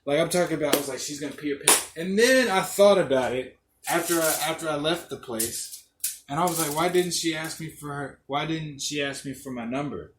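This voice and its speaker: In an echoey room with faint background noise, a young podcast host delivers a casual solo monologue of rambling, profane stories and frequent laughter. His voice is slightly high and a bit bright, and he talks a little fast.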